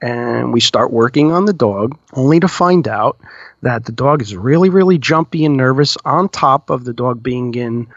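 A man's voice: mid-range voice, normal speed, no echo. A man, a dog groomer hosting a podcast, telling a story in rambling casual chat with lots of "you know". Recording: dull lo-fi, dry.

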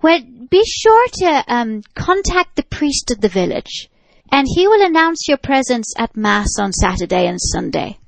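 A woman putting on a brisk Irish woman official with an Irish accent, matter-of-fact. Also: high voice, very animated, creaky, dry recording, pitched above the performer's own voice, heavily acted, poor audio. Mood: instructive.

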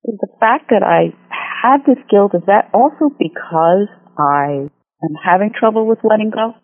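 A woman's voice: mid-range voice, expressive, unhurried. Tearful woman caller on a phone line. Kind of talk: call-in conversation.

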